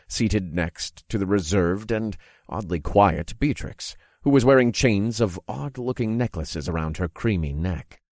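Deep-voiced male story narrator. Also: no echo, clean studio sound. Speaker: first-person narrator.

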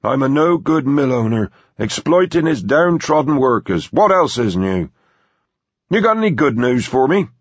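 A man voicing a grumpy, sweary old male mill owner with a gruff, explosive manner. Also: mid-range voice, big pitch swings, moderate pace, dry recording, highs cut off, voice pushed up.

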